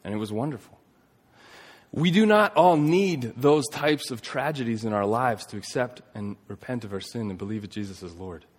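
A man in his thirties preaching a sermon, telling a story earnestly, rising to emphatic points and dropping to a hush. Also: mid-range voice, animated, normal speed. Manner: earnest storytelling, swings between emphatic and hushed. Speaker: pastor. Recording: long reverb of a large hall.

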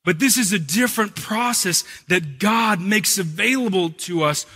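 Male pastor, animated storyteller, high husky voice, preaching a sermon. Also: normal speed. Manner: animated storyteller, humorous then earnest.

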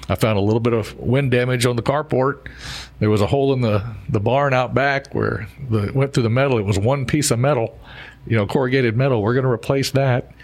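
A man's voice: mid-range voice, a little fast. A jovial man who works as an insurance adjuster, rambling through stories in a casual podcast chat. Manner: jovial, rambling, full of fillers.

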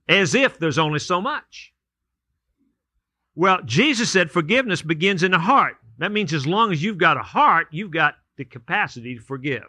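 Folksy storytelling male pastor, bright voice. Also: fairly high pitch, expressive, moderate pace, husky, no room sound. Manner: storytelling with hypotheticals, folksy and repetitive. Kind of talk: sermon.

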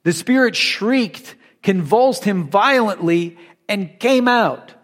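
A male preacher giving a conversational sermon, reading scripture aloud and retelling it in an animated, storytelling way. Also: high voice, slow.

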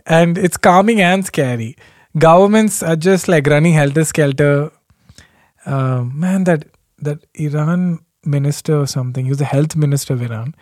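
A man's voice: a little high, moderate pace, darkish tone, no room sound. Man, solo podcast host, loose rambling chat, chuckles a lot, dry close sound. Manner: rambling, self-deprecating, chuckles often.

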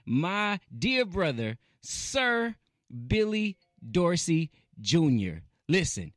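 A man hosting a radio talk show with boundless enthusiasm and a lively, swinging pitch. He repeats words for emphasis and laughs easily. His voice sounds close and dry, with no room around it. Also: very slow, no echo. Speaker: host.

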